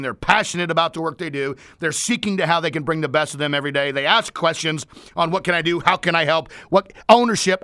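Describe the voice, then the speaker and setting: A man hosting a radio talk show, talking about work with fired-up energy, playful asides and bursts of shouting into the studio microphone. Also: fairly high pitch, dry recording.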